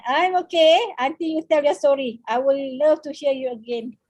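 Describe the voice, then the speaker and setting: A woman with a Malaysian English accent giving a seminar lecture on counseling over a video call, speaking haltingly with many fillers and slipping in Malay words. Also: sits high, a little mellow.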